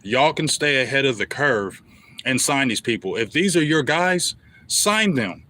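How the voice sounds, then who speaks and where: Bright-voiced fired-up sports fan host. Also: male voice, medium pitch, lively intonation, measured pace. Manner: heated, repetitive, talks straight at the team bosses. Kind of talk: fan commentary rant.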